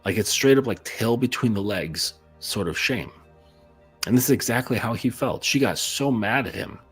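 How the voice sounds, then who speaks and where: A man's voice: lowish voice, expressive, moderate pace, husky, soft background music. A man speaking as a dating coach in a casual, blunt monologue full of fillers, telling a client's story. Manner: blunt, conversational, many fillers.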